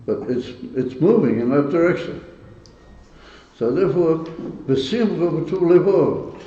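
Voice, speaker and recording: A man's voice: on the high side, animated, slow, dark tone. A man, a rabbi leading a Hasidic gathering, teaching in an earnest, emotional way, quizzing his listeners and chuckling between points. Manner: stirred and emotional about the topic. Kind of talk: informal teaching talk to a gathering. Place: synagogue hall. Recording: echoey hall, dull lo-fi sound.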